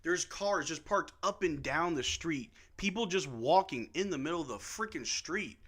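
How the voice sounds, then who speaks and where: A man hosting a casual live watch-along, calling plays excitedly at home and tossing in joking asides with lots of "bro.". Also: high voice, normal speed. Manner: excitable play-by-play mixed with joking asides, says "bro" often. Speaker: live stream host.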